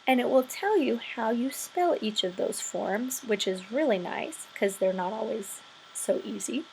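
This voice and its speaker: A woman's voice: fairly high pitch, lively intonation, measured pace, creaky, slight background noise. A woman teaching English vocabulary and grammar in a screen-recorded tutorial, explaining patiently step by step.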